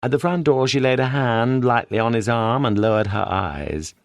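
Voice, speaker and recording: A man with a British accent reading a detective story as an audiobook narrator in a steady storytelling manner. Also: mid-range voice, normal speed, no room sound. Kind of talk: scripted narration.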